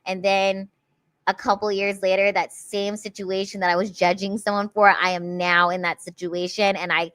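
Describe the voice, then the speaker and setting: A woman's voice: medium pitch, level tone, moderate pace, fairly bright tone, dry recording. A woman, a comedian friend on a podcast, speaking earnestly and supportively, often restarting her sentences. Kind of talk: casual podcast conversation.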